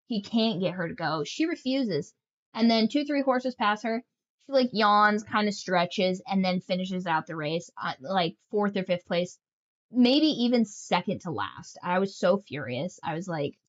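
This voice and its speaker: Woman streamer with a lower-set voice, rambling and joking in casual livestream chat. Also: animated, moderate pace, muffled recording. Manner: rambling, joking storyteller, many fillers. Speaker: game streamer.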